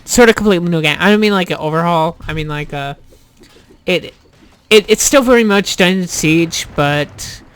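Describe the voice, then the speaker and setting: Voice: mid-range voice, smooth. A YouTuber giving casual let's play commentary, rambling and self-deprecating, with plenty of swearing and restarts. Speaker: YouTuber playing a game.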